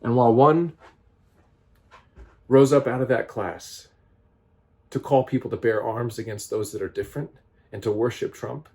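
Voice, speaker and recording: Man, earnest scripture commentary, pointed tone, halting with restarts and fillers, mid-pitched voice. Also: steady tone, a little mellow. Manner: reads scripture aloud, then explains it with many restarts and fillers. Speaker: vlogger giving political commentary.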